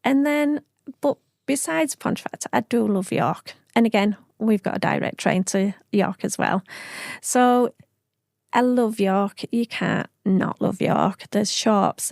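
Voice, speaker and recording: A woman's voice: medium pitch, creaky, a little mellow, no echo, studio quality. A middle-aged woman from Yorkshire with a broad Yorkshire accent, chatting in an interview about her family and her home town. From Yorkshire, England. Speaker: charity founder, guest. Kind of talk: casual interview chat.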